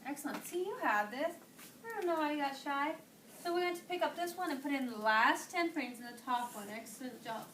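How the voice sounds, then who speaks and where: High-voiced woman teacher encouraging a class. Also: expressive, fairly quick. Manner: encouraging, questioning, praising students. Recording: distant echoey classroom, clear noise.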